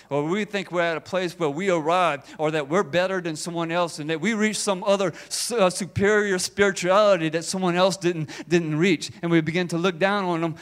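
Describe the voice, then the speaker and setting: A man preaching a sermon in a high voice. He presses his points with rhetorical questions again and again. The delivery is emphatic and direct. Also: clean tone. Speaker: pastor.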